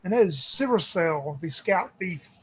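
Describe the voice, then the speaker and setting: Player, male, slow-paced, husky, deliberate narration. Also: high voice, lively intonation, fairly bright tone, poor audio. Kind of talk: describing his character in a tabletop game.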